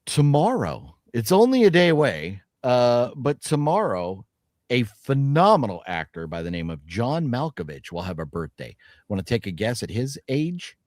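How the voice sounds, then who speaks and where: A man's voice: medium pitch, sing-song, moderate pace, darkish tone, no room sound, studio quality. A man hosting a casual podcast, chatting and reading off celebrity birthdays. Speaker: podcast host. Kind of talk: casual chat.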